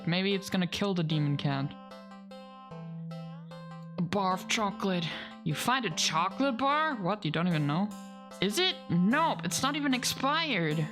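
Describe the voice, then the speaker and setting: A woman streaming a game, reading its narration aloud and reacting with laughs and casual swearing. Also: mid-range voice. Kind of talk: let's play commentary, reading game text aloud.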